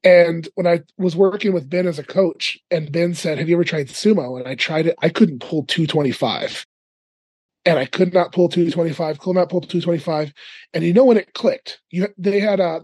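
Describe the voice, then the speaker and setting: Man, husky voice, animated storytelling, laughs a lot, dry close mic. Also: a little high, dry recording. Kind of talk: casual podcast chat. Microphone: remote call mic.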